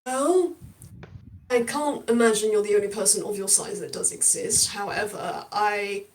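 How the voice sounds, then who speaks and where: A woman's voice: mid-range voice, moderate pace, distant mic, natural voice. A woman voicing a grumpy, flustered male hoarder who hesitates and swears a lot. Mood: hesitant.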